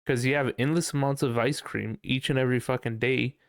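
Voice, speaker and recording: A man's voice: medium pitch, steady tone, brisk, no room sound, studio quality. A young man hosting a casual podcast, ranting profanely with a lot of laughter. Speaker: podcast host.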